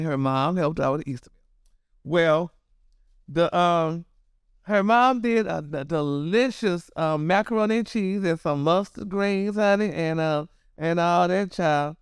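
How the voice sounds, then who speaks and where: Brief: high-pitched, smooth-voiced male gossip host, sassy and dramatic, dry close sound. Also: dry recording. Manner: sassy, dramatic, keeps saying honey and girl. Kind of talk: casual gossip commentary.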